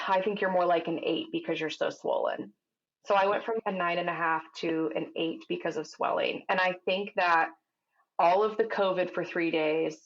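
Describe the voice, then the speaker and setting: A woman in her thirties, a guest telling her birth story in a casual interview, in a vivid, animated way that acts out the voices of others. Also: fairly low pitch, highs cut off. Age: 30s.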